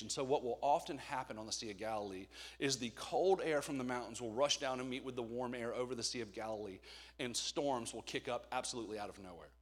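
Animated male preacher telling stories. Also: mid-range voice. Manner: animated storytelling with sudden loud emphasis and quiet asides. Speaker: pastor. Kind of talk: sermon.

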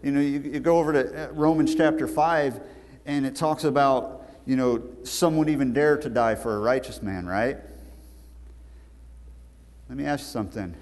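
A man preaching a sermon with emphatic, storytelling delivery that swells to loud peaks. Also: mid-range voice, normal speed. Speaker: pastor. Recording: long hall reverb.

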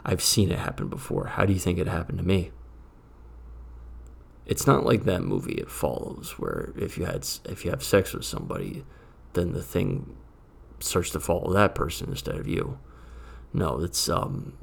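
Low gravelly man, nervous rambling barkeep monologue, keeps slipping into whispers. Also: wildly swooping pitch, moderate pace. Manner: rambling, hushed and nervous, often dropping to a whisper. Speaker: storyteller playing a tavern keeper. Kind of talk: improvised comic monologue.

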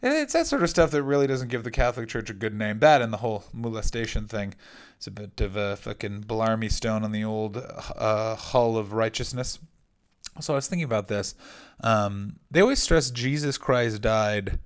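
A man rants as a comic podcast host, loud and excitable. He swears freely and jumps from one topic to the next. His voice sits at an everyday pitch. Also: moderate pace. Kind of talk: comic rant. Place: hotel room. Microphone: video call microphone.

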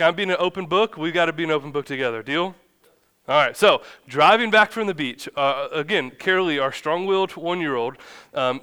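A man's voice: a little high, bright, forceful tone, smooth. A man in his thirties, a pastor giving a conversational sermon in a church, chatty and self-deprecating, acting out a funny story. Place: church sanctuary.

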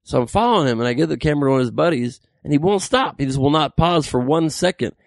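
A man's voice: on the high side, fast, vocal fry, dry recording. A man, a comedian, telling a story casually and acting out the voices of the people in it. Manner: animated, acts out quoted voices.

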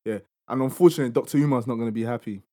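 A young man co-hosts a casual podcast, retelling stories in a relaxed, teasing manner. His voice sits at an ordinary middle pitch. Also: rapid-fire. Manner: laid-back storytelling, teasing. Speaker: podcast co-host. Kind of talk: casual chat.

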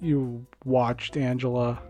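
A man co-hosts a relaxed podcast chat in a mid-range voice. He rambles through his points, packs them with filler words and laughs often as he talks, with faint music underneath. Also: medium pitch, slow. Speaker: podcast co-host. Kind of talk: casual chat.

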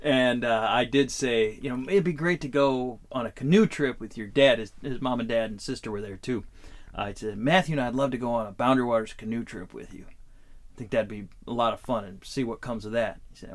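A man's voice: medium pitch, a little fast. A man co-hosting a podcast, chatting and recounting stories in a casual way. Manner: chatty, storytelling. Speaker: podcast co-host.

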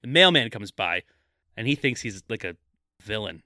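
A man's voice: on the low side, sing-song, normal speed, sharp tone, no echo. A man co-hosting a podcast, casually retelling a movie's plot with dry comic asides. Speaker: podcast co-host. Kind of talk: casual comedic movie recap.

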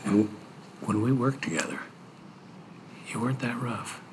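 An actor playing a stern male police superintendent who lectures in a measured way. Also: medium pitch, background noise, natural voice. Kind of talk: film dialogue.

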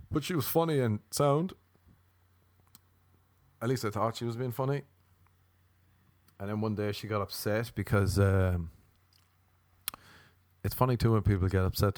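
Low-voiced man telling crude stories. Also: dry recording, clean studio sound. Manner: crude, deadpan storytelling with acted-out quotes. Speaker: comedian. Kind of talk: stand-up storytelling.

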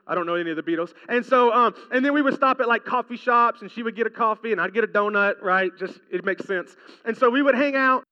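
High-voiced preacher man in echoing hall. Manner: animated, repetitive, asks the audience questions. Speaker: pastor. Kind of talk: sermon. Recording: dull sound with long hall reverb.

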